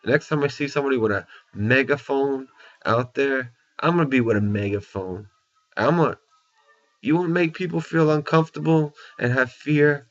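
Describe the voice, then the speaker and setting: A man's voice: mid-range voice, normal speed. A man in an angry, profane rant, blunt and repetitive, tagging his points with "okay?" and "you know". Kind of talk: angry opinion rant to camera. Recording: dull lo-fi recording.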